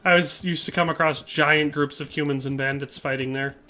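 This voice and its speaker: A man with a bright, forceful, slightly high voice chats his way through a game livestream. He reads out viewer comments and answers each one, slipping in playful jokes as he goes. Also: steady tone, a little fast. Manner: playful, joking asides. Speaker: game streamer. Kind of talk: casual livestream commentary while playing.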